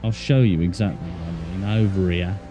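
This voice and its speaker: An English man streams a game with a low voice and a brisk pace, chatting casually and joking to himself as he plays. The recording is muffled, with music underneath.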